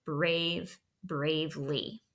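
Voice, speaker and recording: A woman teacher giving a slow, deliberate spelling dictation lesson, saying each word, using it in a sentence, then checking the marking. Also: sits low, steady tone, fairly bright tone.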